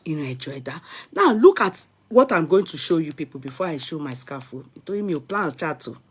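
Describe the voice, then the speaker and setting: A middle-aged woman with a Nigerian accent, telling a personal story in a casual vlog, animated and dramatic, with soft asides. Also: low-pitched, brisk, husky. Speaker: vlogger.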